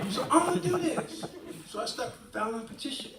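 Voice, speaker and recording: A man's voice: very high voice, quick pace, hardly any pauses, over a noisy crowd, heavy background noise. Man in his 60s telling his story in an echoey hall. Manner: animated storyteller acting out quoted dialogue. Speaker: guest speaker giving testimony. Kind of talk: church testimony storytelling. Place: church hall, live stream. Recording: echoey hall, distant mic.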